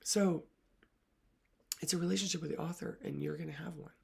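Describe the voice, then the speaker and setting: A woman literacy coach talks straight to her viewers in an earnest, emotional way. Her voice carries a strong gravelly fry, and she often lets her words fall away into a breathy near-whisper. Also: low-pitched, a little fast. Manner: soft-spoken, often dropping to a whisper. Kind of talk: reflective talk to camera.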